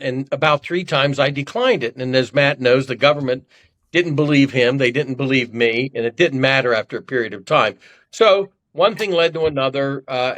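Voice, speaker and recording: A man's voice: medium pitch, fairly bright tone. An older man from Ohio, a podcast guest telling self-deprecating, rambling stories in casual conversation. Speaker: podcast guest, former congressman. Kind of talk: conversational storytelling.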